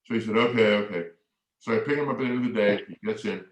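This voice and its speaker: Middle-aged male keynote storyteller, slightly low voice, heard from a distance in a roomy hall. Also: fast, slight background noise. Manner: acts out both sides of remembered dialogue. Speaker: keynote speaker. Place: large hall. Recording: echoey hall, mic far off.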